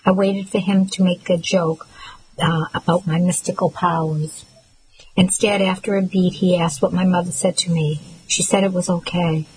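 A woman reading a first-person novel aloud as an audiobook narrator, in a measured, steady way. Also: fairly low pitch, a little hiss or hum, rough recording.

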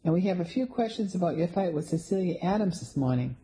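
A woman's voice: lowish voice, lively intonation, mellow, slight background noise, natural voice, poor audio. A woman voicing a blunt, determined heavily pregnant woman in a read-aloud story. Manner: matter-of-fact and brisk.

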